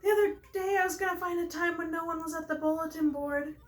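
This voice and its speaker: A woman's voice: extremely high pitch, steady tone, quick pace, pitched above the performer's own voice. A woman voicing a shy, lovesick young female pelican with a put-on accent, nervous and dreamy. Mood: flustered.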